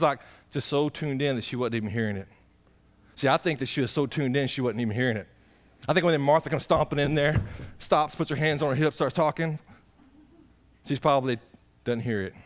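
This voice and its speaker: High-voiced pastor preaching. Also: male voice, fairly quick. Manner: folksy, direct questions to the congregation. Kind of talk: conversational sermon.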